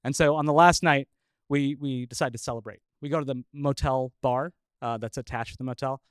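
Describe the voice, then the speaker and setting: A man who is a scientist telling a personal story live, chuckling often and pausing with filler uhs. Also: mid-range voice, fairly even intonation, smooth, no echo.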